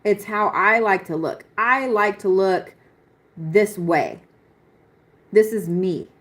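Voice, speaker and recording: A woman's voice: mid-range voice, slow, fairly bright tone. Young adult woman, blunt and chatty astrology reader on a live stream, mid-range voice, frequent laughs. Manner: blunt, swearing, laughs often. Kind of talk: live-stream chart reading.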